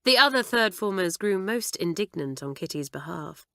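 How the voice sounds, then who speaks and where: A woman reading a children's audiobook aloud in an expressive way, close to the mic. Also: medium pitch, moderate pace, no room sound. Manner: expressive, animated. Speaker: audiobook narrator.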